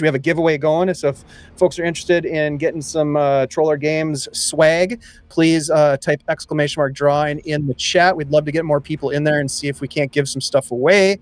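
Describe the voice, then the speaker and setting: A man's voice: on the high side, dry recording. A man running a tabletop role-playing game live, talking rules with hesitant fillers and friendly banter. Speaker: game master.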